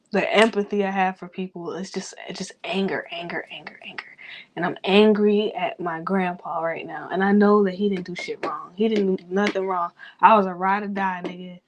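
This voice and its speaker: A young woman venting in a rambling personal vlog, talking quickly, swearing a lot and talking to herself. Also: medium pitch, slight background noise. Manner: fast, rambling, heavy swearing, self-talk. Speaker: vlogger.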